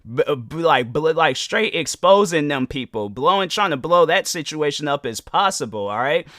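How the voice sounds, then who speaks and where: A man's voice: a little high, expressive, normal speed, fairly bright tone, no echo, clean studio sound. A young man hosting a podcast, giving rambling, slangy commentary on a viral video. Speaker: podcast host.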